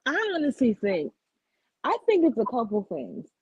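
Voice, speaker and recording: Husky woman caller on a dull call line. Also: fairly high pitch, very animated, normal speed, darkish tone, no room sound. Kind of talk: casual chat.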